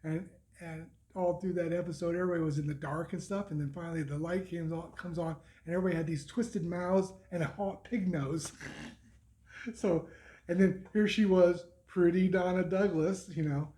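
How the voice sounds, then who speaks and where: A man's voice: high-pitched, steady tone, normal speed, dark tone. A middle-aged man recapping his day as a motorcycle vlogger in a casual, rambling way, often restarting his sentences and chuckling.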